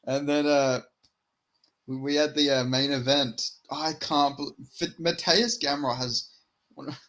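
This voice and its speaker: A man chatting on a podcast in a loose, halting way, trailing off and restarting his sentences. He laughs as he talks and keeps a relaxed, offhand tone. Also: a little high. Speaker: podcast co-host. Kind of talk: casual chat.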